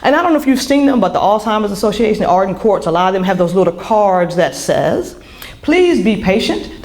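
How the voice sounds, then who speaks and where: A woman's voice: medium pitch, darkish tone. A middle-aged woman, an author, giving a candid personal talk to an audience, full of restarts and fillers. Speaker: author and speaker.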